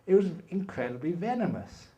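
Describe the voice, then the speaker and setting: A middle-aged male meditation teacher giving a dharma talk to a retreat group, telling his stories with animation and humor. His voice is mellow and warm. He sounds distant from the microphone in a reverberant hall. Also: high voice, very animated, a little fast, highs cut off. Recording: echoey hall, from far off.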